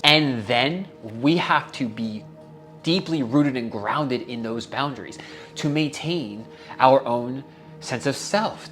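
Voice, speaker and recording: A young man talks through self-help ideas in a heartfelt, casual way, swearing now and then and letting his feelings show. His voice sits at an ordinary middle pitch. Soft music plays faintly behind him. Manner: earnest, casual, swears freely, gets emotional. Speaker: wellness podcast host.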